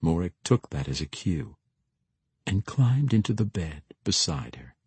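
A man narrating a fantasy novel as an audiobook, in measured storytelling, lightly voicing the characters. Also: low-pitched, very animated, darkish tone, breathy edge, dry recording.

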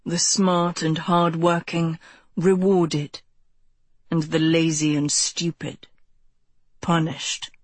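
A woman voicing a brooding, manipulative young man who preaches to a congregation, speaking low, intense and persuasive. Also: flat delivery, slow pace, pauses often, no room sound.

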